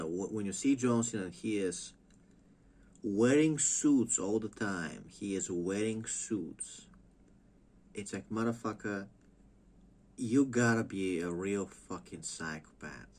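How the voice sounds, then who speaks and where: A man's voice: low voice, a little mellow. A man ranting casually and profanely as a wrestling vlogger, rambling and mocking. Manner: rambling, mocking, lots of filler and restarts.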